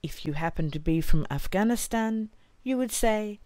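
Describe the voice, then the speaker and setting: A woman teaching a language lesson, modelling each phrase slowly and carefully for learners to repeat. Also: medium pitch, animated, darkish tone, dry recording.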